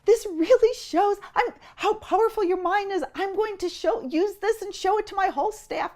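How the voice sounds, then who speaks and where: A woman's voice: very high voice, normal speed, a little mellow, voice pushed up. A woman imitating an overjoyed female TV host who breathlessly exclaims over what she has just seen. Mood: amazed. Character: gushing, thrilled woman TV host.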